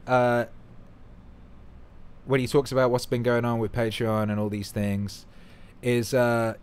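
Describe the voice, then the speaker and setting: A man chatting on his own livestream, loose and excitable, cursing freely. He drops to a mumble, then bursts out loud and gushing. His voice sits at an ordinary middle pitch for a man. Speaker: livestream host. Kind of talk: casual livestream chat.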